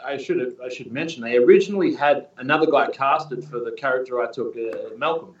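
A man in his thirties from Australia, a guest in a casual interview, talking in a rambling, relaxed way with many fillers. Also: medium pitch, brisk, a little hiss or hum. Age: 30s. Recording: distant, echoey, muffled room sound.

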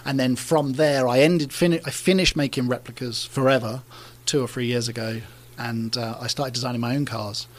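Middle-aged man, animated storyteller, laughs often, stumbling restarts, medium pitch. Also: normal speed. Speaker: car designer, guest. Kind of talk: casual storytelling interview.

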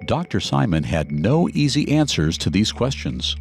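A man narrating a scripted true story for a podcast with expressive, dramatic delivery. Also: lowish voice, normal speed, gravelly, soft background music.

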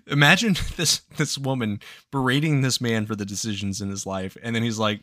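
A man's voice: medium pitch, fairly quick, bright, forceful tone, dry recording. A man on a podcast casually retelling a story, swearing often, laughing and slipping into quoted voices. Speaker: podcast host recapping a game.

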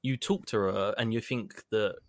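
A man co-hosting a podcast in casual chat, animated and emphatic. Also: lowish voice, normal speed, no room sound, clean studio sound. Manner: animated, emphatic, laughs easily. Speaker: podcast co-host.

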